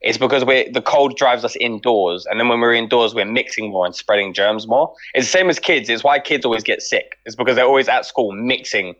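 A man's voice: medium pitch, a little fast, few pauses, a bit bright, dull audio. A young man, chatting casually and jokily among friends in a slangy, argumentative way.

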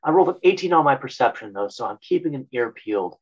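A man's voice: mid-range voice, animated, quick pace, husky. A man playing a tabletop game, easygoing and wry, on a dull lo-fi mic. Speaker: player. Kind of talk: casual tabletop game play.

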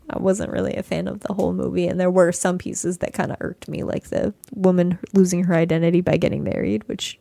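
A woman co-hosting a casual chat, animated and sarcastic, swearing freely. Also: fairly low pitch, vocal fry, no echo. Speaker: podcast co-host.

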